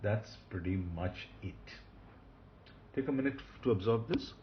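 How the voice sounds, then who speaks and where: In a recorded lecture, a man patiently teaches Hebrew grammar, repeating key points and often pausing with fillers. His voice is lowish with lively intonation. The highs are cut off and there's slight background noise.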